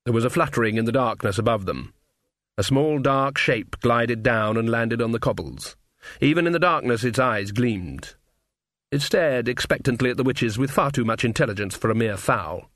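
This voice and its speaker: A man reading a novel aloud as an audiobook narrator, measured and wry. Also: mid-range voice, fairly bright tone, no room sound, clean studio sound. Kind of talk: scripted narration.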